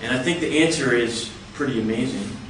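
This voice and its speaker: A man's voice: mid-range voice, far from the mic, background noise. Lecturing man in an echoey hall. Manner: measured, explains step by step. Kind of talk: explanatory talk.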